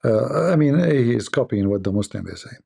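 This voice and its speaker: A man reacting to a clip with mocking, rambling commentary in broken English. His voice is gravelly, husky and mellow. He keeps circling back to his own point. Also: mid-range voice, lively intonation, brisk. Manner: sarcastic, non-native grammar, rambling asides.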